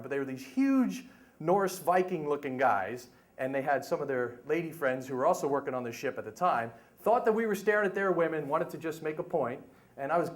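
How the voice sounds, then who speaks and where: A middle-aged man telling a humorous story live at a story slam, with chatty asides to the listeners. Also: medium pitch. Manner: animated, humorous, conversational asides.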